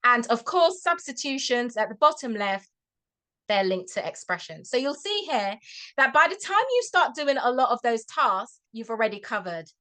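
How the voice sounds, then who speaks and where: A woman tutor speaks to a group of parents over a video call, with a fairly high voice. Her talk is chatty and encouraging, and she keeps checking in with a quick "okay?". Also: sing-song, pushed and bright.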